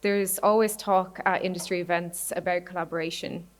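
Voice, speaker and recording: A woman moderating a live panel discussion, measured as she hands questions to the panelists. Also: on the low side, steady tone. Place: hall at a live panel event.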